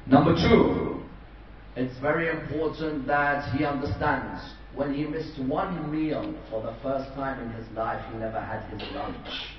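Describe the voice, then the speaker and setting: A preacher with a mid-range voice gives a majlis sermon in a large community hall, speaking unhurriedly as he tells a story dramatically and voices its characters. The recording sounds distant and dull, with hall echo and slight background noise.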